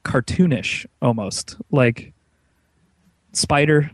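A man's voice: medium pitch, slow, dry recording. Man, podcast co-host, casual rambling chat, dry close sound. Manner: rambling, animated, many restarts.

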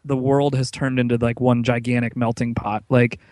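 A man co-hosting a casual podcast chat, rambling and animated, with lots of restarts. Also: mid-range voice, normal speed, no echo. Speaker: podcast co-host.

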